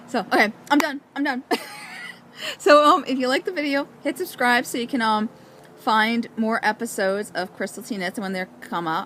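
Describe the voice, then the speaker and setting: A woman hosting a knitting vlog outdoors, chatting casually in a bubbly, excitable way. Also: medium pitch, fairly quick, slight background noise. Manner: bubbly and excitable, with frequent laughs. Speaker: knitting vlogger. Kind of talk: casual chat.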